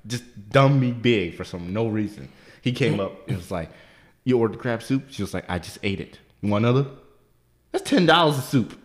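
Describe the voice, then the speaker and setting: A man co-hosting a podcast, telling a profane, animated story and leaping into high squeaky voices when he quotes people. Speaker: podcast co-host. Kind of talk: casual storytelling chat.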